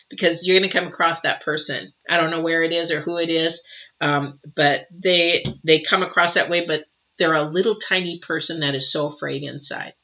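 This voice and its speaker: Female tarot reader, emotive, rambling and comforting; low-set, forceful tone, muffled lo-fi audio. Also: steady tone, normal speed. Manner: emotive, chatty, reassuring, with many fillers and restarts. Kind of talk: live tarot reading and viewer Q&A. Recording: dull lo-fi sound.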